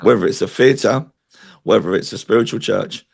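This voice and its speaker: A man's voice: lowish voice, moderate pace, gravelly, breathy edge. A man interviewed as a spiritual medium, talking in an earnest, chatty way and telling stories. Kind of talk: interview conversation.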